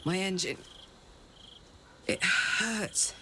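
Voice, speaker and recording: A woman's voice: medium pitch, very slow, noisy background. A woman voicing a tough, tired female warrior who sighs and speaks plainly. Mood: weary. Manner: tired, sighing, plain-spoken. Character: tough female warrior, weary, gruff and warm-hearted. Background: game music.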